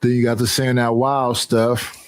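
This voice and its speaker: A man talks slowly in a level, even tone, calm and measured as he interviews. His voice sounds close and dry. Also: medium pitch, smooth, dry recording. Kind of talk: casual interview talk.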